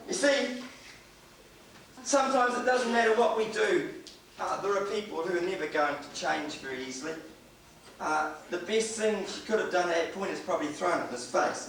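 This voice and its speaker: A man's voice: sits high, lively intonation, normal speed. A man from New preaching a sermon in a church, earnest and conversational, often restarting his sentences. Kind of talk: sermon with anecdotes. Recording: echoey church hall from far off, faint noise.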